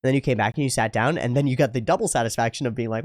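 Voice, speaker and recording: A young man runs an anime reaction channel, chatting casually, reading viewer comments out loud, swearing freely and slipping into mocking voices. His mid-range voice races along in a clean studio recording with no echo.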